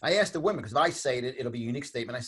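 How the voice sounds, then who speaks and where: With a mid-range, fairly bright, husky voice, this New York man in his fifties races through his words with lively intonation. He's a podcast guest giving fervent, emphatic political commentary in a New York accent, repeating phrases often.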